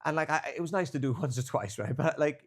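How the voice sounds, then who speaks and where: A man's voice: on the high side, fast. A young man, co-hosting a podcast and rambling through travel stories full of fillers and swearing. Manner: rambling storyteller, swears freely, filler-heavy. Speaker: podcast co-host. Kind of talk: casual chat.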